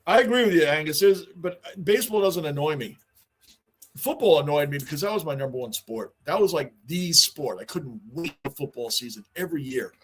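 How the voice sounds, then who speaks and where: A man's voice: a little high, animated, brisk, husky. A middle-aged man, hosting a casual livestream, talking on and answering chat, often repeating himself. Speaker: livestream host.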